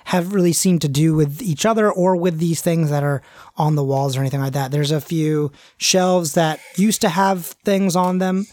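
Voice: mid-range voice, a little mellow, no echo. Game master telling a spooky scene, lots of ums and restarts, dry close sound. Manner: halting, many fillers and restarts. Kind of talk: narrating a tabletop role-play.

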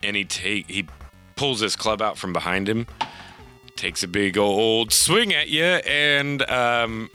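A man's voice: fairly low pitch, slow pace, bright, forceful tone, faint music behind. A man narrating a tabletop game as game master, loosely, with frequent fillers and laughs.

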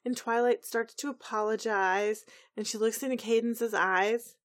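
Woman, podcast co-host, casual recap, animated, giggly. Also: on the high side, a little slow.

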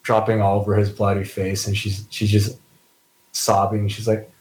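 Describing his character's moves in a tabletop role-playing game, a male player speaks in a lowish, slightly mellow voice with a completely flat delivery at moderate pace. He rambles, saying "like" constantly, on a rough, reverberant recording.

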